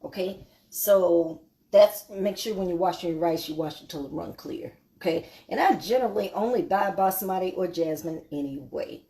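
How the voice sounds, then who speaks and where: A woman with a lowish, mellow voice hosts a casual live cooking stream from her home kitchen, speaking at normal speed. She chats with viewers and trails off with fillers.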